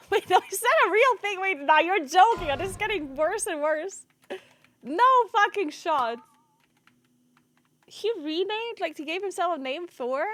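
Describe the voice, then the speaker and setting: A woman's voice: very high voice, lively intonation, measured pace, pauses often, a bit bright, soft background music. A woman streamer in casual live-stream chat, often laughing as she reacts to her viewers. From Italy. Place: home streaming setup.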